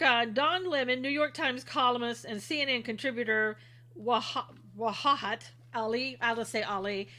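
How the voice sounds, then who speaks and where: Bright-voiced woman livestream host. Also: a little high. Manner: chatty, indignant, greets viewers by name and reads comments aloud. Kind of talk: casual commentary reading viewer chat.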